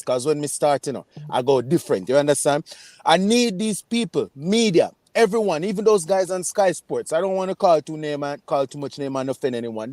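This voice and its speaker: A man's voice: a little high, darkish tone, dry recording, studio quality. A man with a Jamaican accent, calling in to a football fan show on a video call, ranting with fiery emphasis. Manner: fiery, emphatic, repeats "man" and "you understand". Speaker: fan caller.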